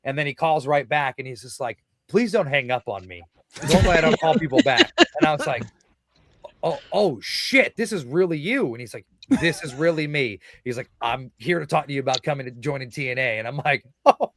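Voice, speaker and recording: A podcast guest in his thirties talks a little fast at a medium pitch, relaying a wrestling anecdote in an excitable, casual way with frequent swearing and acted-out quotes.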